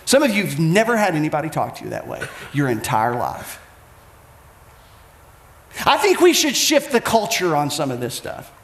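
A man's voice: on the high side, wildly swooping pitch, moderate pace, pauses often, fairly bright tone, roomy sound. A man preaching a sermon as pastor, with an emphatic, repetitive cadence.

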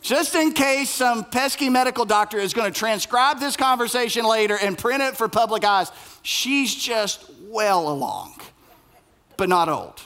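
A man preaching a sermon as pastor, animated and playful, acting out the voices in the story. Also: sits high, unhurried.

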